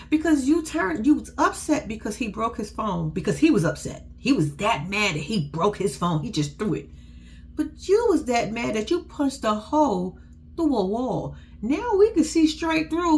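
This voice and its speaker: A woman's voice: a little high, very animated, moderate pace. A woman giving casual, blunt, profane commentary on a reality show, laughing often as she tells the story. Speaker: reality TV recap host.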